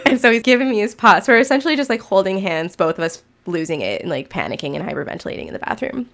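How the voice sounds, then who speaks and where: A woman's voice: medium pitch, lively intonation, very fast, fairly bright tone. A woman guest telling her story in a candid, rambling way, swearing casually. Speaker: guest recounting an experience. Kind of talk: casual interview.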